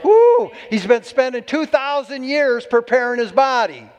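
A man's voice: very high voice, moderate pace, clean tone. A man preaching a sermon to a congregation, exuberant and whooping between points. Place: church hall. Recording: long hall reverb.

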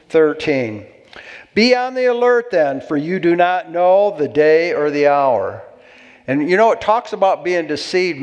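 A man's voice: fairly high pitch, long reverb tail. A man preaching a sermon as pastor, exhorting and calling for amens from the congregation.

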